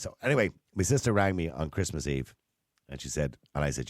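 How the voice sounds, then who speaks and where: A man's voice: low voice, expressive, fast, no echo, clean studio sound. A middle-aged man with a Dublin Irish accent, a radio host telling a story in casual chat, jokey and laughing often.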